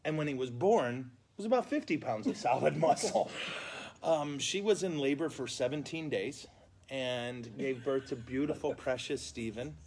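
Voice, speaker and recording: Lively, comic priest telling stories. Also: male voice, mid-range voice, moderate pace, a little hiss or hum. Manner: animated, comic storyteller with mock outrage. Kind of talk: casual storytelling catechesis. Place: indoors at a funeral home, live stream.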